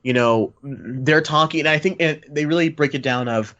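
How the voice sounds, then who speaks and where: A man's voice: fairly high pitch, normal speed, a bit bright, dry recording. Enthusiastic man, dull dry recording. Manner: enthusiastic, rambling. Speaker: podcast host. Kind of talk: casual movie review chat.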